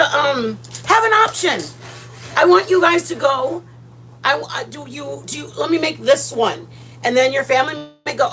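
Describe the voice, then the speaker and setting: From her home kitchen, a woman hosts a casual cooking livestream, chatty and playful, greeting viewers by name with loud, excited bursts. Her voice sits high, and the audio quality is poor.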